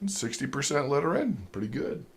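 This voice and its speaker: Brisk and mid-range in voice, a male sales trainer delivers a lively seminar lecture full of animated stories. He acts out quotes and chuckles along the way.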